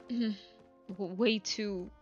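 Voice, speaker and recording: A young woman game streamer chatting casually and relaxed, laughing easily. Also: mid-range voice, extremely slow, lo-fi sound. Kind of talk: casual live-stream chat. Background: faint game music.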